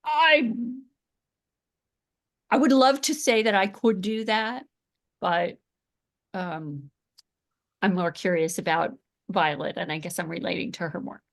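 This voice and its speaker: A woman's voice: on the low side, slow, vocal fry, long pauses. A woman in an online book club sharing her view candidly over a video call. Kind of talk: casual discussion.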